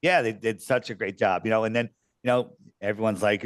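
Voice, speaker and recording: A man's voice: on the low side, brisk, dry recording. A man telling his story as a podcast guest, rambling with lots of fillers and restarts. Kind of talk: casual storytelling.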